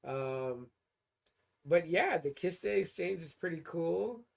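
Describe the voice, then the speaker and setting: A man co-hosting a casual comics review, reading passages aloud and reacting with animated, profane enthusiasm. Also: on the high side, slow, gravelly. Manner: animated, swears freely, often says "you know what I mean". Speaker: podcast co-host reviewing comics.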